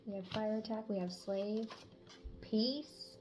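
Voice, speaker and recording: A woman's voice: mid-range voice, slow pace, a little mellow, faint music behind. A woman reading tarot messages in a casual, chatty way, swearing freely and sometimes dropping to a whisper. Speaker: tarot reader.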